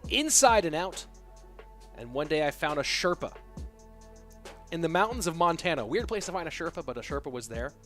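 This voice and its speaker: A man's voice: a little high, a bit bright. A young man casting a live esports match, joking around and answering viewer questions between plays. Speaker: esports caster. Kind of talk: live game commentary and reading chat.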